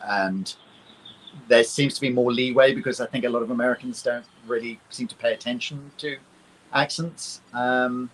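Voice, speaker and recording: A man's voice: medium pitch, steady tone, normal speed, a little hiss or hum, rough recording. A man with a British accent, an actor speaking as a guest in a casual interview, explaining things at length. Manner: thoughtful, explanatory. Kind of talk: conversational interview.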